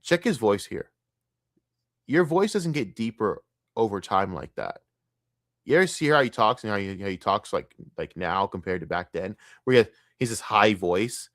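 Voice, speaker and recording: A man's voice: fairly low pitch, animated, normal speed, a bit bright, no echo, studio quality. A man streaming a reaction, ranting bluntly and scornfully with heavy swearing. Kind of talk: profane reaction rant.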